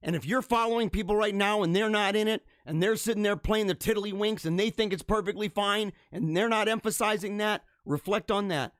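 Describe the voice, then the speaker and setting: A man hosting a live religious stream, talking fervently and preachily, dropping to hushed tones and then rising to loud exhortation. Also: sits high, brisk, few pauses, no room sound, clean studio sound. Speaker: host of a live religious show. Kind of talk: impassioned live-stream monologue.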